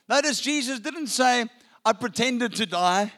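A male pastor preaching an Easter sermon in a church, with slow, dramatic pauses for emphasis. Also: extremely high pitch, animated, fairly bright tone. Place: church with a balcony.

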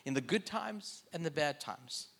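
A man's voice: fairly high pitch, animated, a little slow, vocal fry, a bit bright, husky. A man preaching a sermon in a conversational way, with joking asides.

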